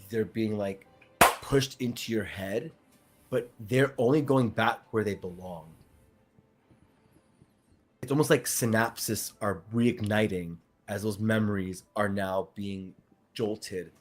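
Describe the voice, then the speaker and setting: A man narrating his character's actions in an actual-play tabletop game, unhurried, with casual fillers. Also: on the low side. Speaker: player.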